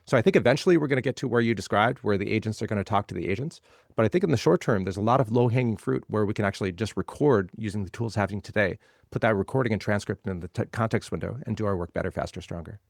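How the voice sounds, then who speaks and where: A man's voice: lowish voice, quick pace, creaky, no room sound, studio quality. A man being interviewed as a legal tech guest, explaining ideas in a conversational way and building points by repeating phrases.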